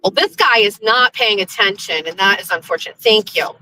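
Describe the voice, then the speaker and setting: A woman's voice: mid-range voice, animated, a little fast, sharp tone, slight background noise, rough recording. A woman hosting a casual livestream from her car while driving, chatting in a rambling way with restarts and laughs. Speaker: livestream host. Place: in a car on the road.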